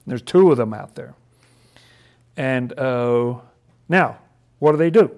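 A man's voice: mid-range voice, animated, slow, a little mellow. A man leading a casual Bible study, chatty and laughing often, who acts out the figures' lines in playful voices.

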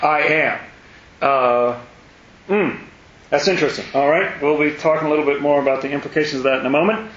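A man's voice: a little high, brisk, fairly bright tone. A man leading an informal Bible study for a group, chatty and digressive, with self-deprecating asides. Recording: roomy, muffled room recording.

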